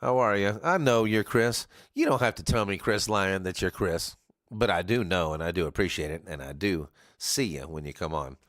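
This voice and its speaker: Deep-voiced joking man hosting a livestream. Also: normal speed, fairly bright tone, dry recording, clean studio sound. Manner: joking, chatty, talks straight to viewers by name. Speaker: livestream karaoke host greeting viewers. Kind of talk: casual rambling chat.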